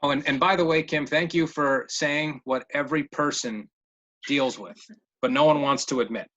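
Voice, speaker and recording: A man talks through questions in a relaxed webinar, his voice bright and forward. He restarts phrases and doubles words as he works out his answers. The call audio is slightly dull and muffled. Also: a little high, moderate pace. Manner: repeats words while thinking, many fillers. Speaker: behavior interventionist answering questions. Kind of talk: casual webinar Q&A.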